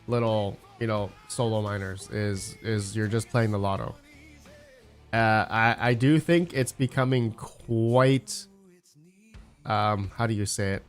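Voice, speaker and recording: A man casually chatting on a livestream about crypto mining, rambling and searching for words, with frequent fillers and answers to chat messages. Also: mid-range voice. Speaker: crypto mining channel host.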